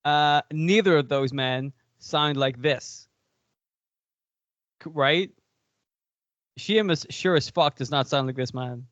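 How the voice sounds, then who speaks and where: A man with an Irish accent chatting casually as a podcast co-host, rambling in an animated way. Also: on the high side, slow pace, long pauses, dry recording, dull audio. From Ireland. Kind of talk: casual chat.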